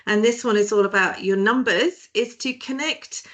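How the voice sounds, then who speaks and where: A woman's voice: medium pitch, normal speed, a bit bright. A woman from Britain hosting a webinar as director of a small firm, chatty and jokey with many hesitations, heard over a video call.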